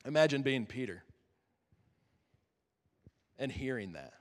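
A man preaching as a youth pastor, earnest and conversational, with dramatic pauses that drop to a near-whisper. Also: medium pitch. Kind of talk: sermon. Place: chapel. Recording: long chapel reverb.

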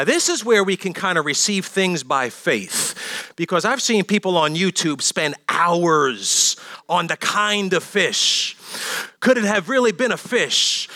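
A man, a pastor delivering a sermon in an animated storytelling manner with asides to the congregation. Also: high-pitched, no echo.

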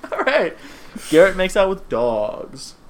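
A man's voice: high-pitched, big pitch swings, slow pace, a little hiss or hum. A young man co-hosting a casual podcast, joking and laughing, saying "dude" a lot, recorded in a small apartment on a desk microphone set a few feet away. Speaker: podcast co-host. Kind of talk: casual chat. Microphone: one shared desk mic about three feet away.

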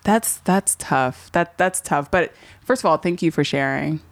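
A woman hosting a podcast interview in casual chat, animated and repeating words for emphasis. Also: low voice, measured pace, no echo. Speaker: podcast host.

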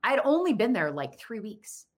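A woman's voice: a little high, sing-song, normal speed. A woman in her thirties telling a personal story in casual conversation, acting out the dialogue in quoted voices.

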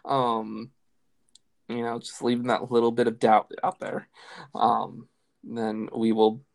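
A young woman co-hosting a podcast in casual chat, teasing her friend in a dry, deadpan way. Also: very deep voice, slow pace, gravelly. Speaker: podcast co-host.

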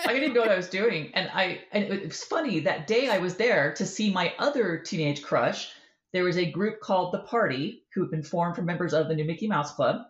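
A woman author in a casual interview, telling a lively story and acting out the voices in it. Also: lowish voice, brisk, reverberant, lo-fi sound. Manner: animated storyteller, acts out quoted voices. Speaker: author guest.

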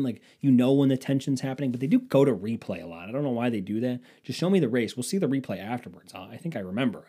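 A man's voice: mid-range voice, warm tone, breathy edge. A man rambling casually as a podcast host, sarcastic and profane. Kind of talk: casual chat.

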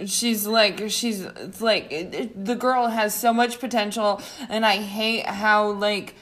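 A woman of mid pitch talking in a relaxed podcast chat. She gushes and swears freely, restarting sentences and leaning on "like." Her delivery is loose and conversational. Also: slow. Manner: gushing, profane, lots of restarts and "like". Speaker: podcast guest. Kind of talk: casual chat.

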